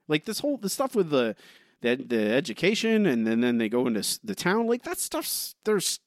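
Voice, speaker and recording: A man's voice: a little high, big pitch swings, brisk, no room sound, studio quality. A man co-hosting a podcast in casual chat, rambling animatedly with lots of filler words. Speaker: podcast co-host.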